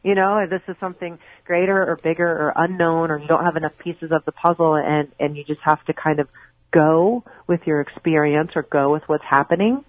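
A woman's voice: low voice, fairly even intonation, fairly quick, dry recording. A woman guest on a podcast, telling stories casually and animatedly, with many restarts. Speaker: guest, former pro wrestler. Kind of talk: casual podcast interview storytelling. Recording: tinny phone-like remote line.

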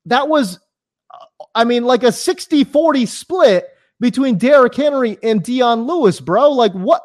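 A man guesting on a sports podcast as a broadcaster, teasing and animated in casual chat. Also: very high-pitched. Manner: animated, teasing, quick to laugh.

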